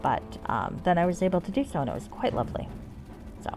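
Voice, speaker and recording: A woman chatting through a game stream in a relaxed, profane way. Her lowish voice swings up and down animatedly. Game music is clearly heard behind her. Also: fast. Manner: chatty, swears freely. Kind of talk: casual let's-play commentary.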